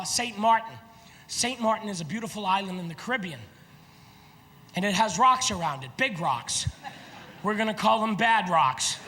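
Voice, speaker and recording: A man performing a stand-up comedy routine on stage, animated and often shouting his punchlines. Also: very high-pitched, in a large hall. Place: large theater stage. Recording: live theater with audience laughter.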